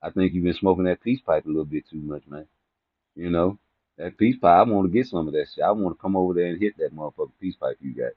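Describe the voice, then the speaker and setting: Speaking fast in a low voice, a man vlogs a comedic rant about boxing figures straight to camera. He rambles and curses, pokes fun at people and cracks himself up, all on a dry, tinny recording that sounds like a phone, with no room sound.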